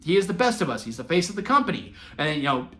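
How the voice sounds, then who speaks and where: A man in his twenties telling wrestling memories in a casual, sentimental vlog, excitable and full of fillers and restarts. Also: on the high side, very fast. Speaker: wrestling vlogger. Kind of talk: casual rambling storytelling.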